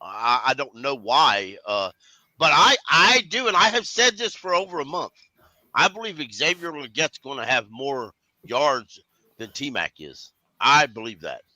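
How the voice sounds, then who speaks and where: Halting sports podcast co-host, very bright tense voice, dry close mic. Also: male voice, medium pitch, very animated, dry recording, poor audio. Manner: halting, many restarts, dismissive asides. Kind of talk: casual sports talk.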